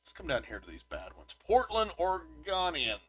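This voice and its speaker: A man's voice: fairly high pitch, wildly swooping pitch, normal speed, sharp tone, husky. A man co-hosting a podcast, chatting casually about a movie and reading reviews aloud, with lots of restarts. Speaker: podcast co-host.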